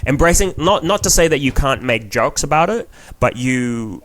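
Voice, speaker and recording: A man's voice: mid-range voice, expressive, moderate pace, noisy background. Rambling young man with a Kiwi accent. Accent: New Zealand. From New Zealand. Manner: rambling, frank, swears freely. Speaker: comedian guest. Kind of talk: casual podcast chat.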